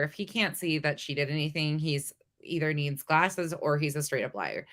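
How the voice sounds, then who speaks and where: A woman commentator with a slightly low, bright, forceful voice. She talks bluntly and sarcastically, with casual profanity. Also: moderate pace, few pauses. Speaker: commentary host. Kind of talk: reaction commentary on livestream clips.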